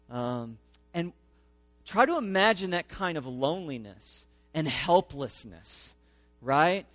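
A man's voice: fairly high pitch, fairly bright tone, no room sound. A man pastor giving a conversational sermon, often checking in with the congregation with "okay?" and "right?".

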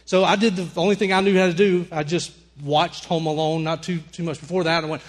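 A young man with a Southern drawl delivers a sermon in a storyteller's way. His voice sits fairly high, and he acts out every line of the tale with full energy. He turns the story into a lesson for his congregation. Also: fairly quick. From Alabama. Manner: animated storyteller, acts out screams and dialogue. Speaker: preacher.

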